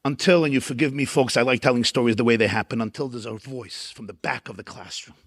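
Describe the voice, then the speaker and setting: A man's voice: mid-range voice, quick pace, a bit bright, no room sound, studio quality. A man, a rabbi, giving a storytelling keynote lecture at a dinner event, emphatic and building up lists.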